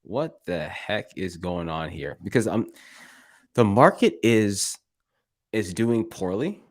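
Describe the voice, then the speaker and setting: Low-voiced man giving animated market talk. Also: slow pace. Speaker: guest streamer. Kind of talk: casual live-stream chat.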